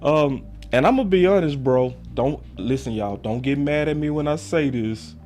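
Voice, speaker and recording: A man hosting a sports talk livestream, swinging from loud theatrical hype to quiet muttered asides while reading chats. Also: on the high side, normal speed, faint music behind. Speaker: sports show host.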